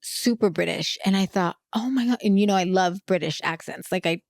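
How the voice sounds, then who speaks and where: Chatty woman host, low gravelly voice. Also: brisk, no room sound, clean studio sound. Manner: chatty, expressive, laughs often. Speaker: podcast host. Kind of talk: casual podcast interview.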